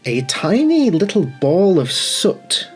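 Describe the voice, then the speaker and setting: British woman GM, low and expressive, slow-paced scene narration, soft music under. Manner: descriptive, unhurried storytelling. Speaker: game master. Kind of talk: narrating a tabletop game.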